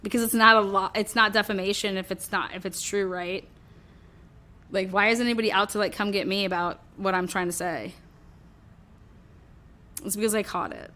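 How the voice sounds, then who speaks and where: A woman's voice: medium pitch, steady tone, moderate pace, pauses often, sharp tone. A woman hosting a true crime show, talking through her theory in a rambling, casual way, swearing often and acting out what others might have said.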